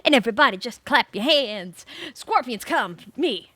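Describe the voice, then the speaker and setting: A woman streaming a video game, chatting casually with viewers and telling rambling, animated stories with bursts of swearing. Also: on the high side, moderate pace, no room sound. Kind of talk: casual gameplay chat.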